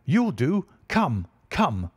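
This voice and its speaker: Guy reading panicky young lawyer yelling at people, high and loud, dry sound. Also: huge pitch swings, drawn-out words, husky, no room sound, exaggerated voice. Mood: frantic. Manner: urgent, shouting commands. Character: frantic young male lawyer in a rush.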